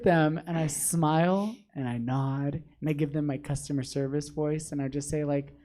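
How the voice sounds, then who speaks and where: A man's voice: fairly high pitch, normal speed, mellow. A man who is a drag performer and a guest in a casual studio interview, candid, dry and often laughing. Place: studio in a comedy theater.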